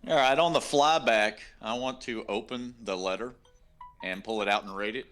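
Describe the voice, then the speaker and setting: A man's voice: on the low side, moderate pace, a bit bright, soft background music. A man playing a tabletop game, a little hesitant. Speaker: player.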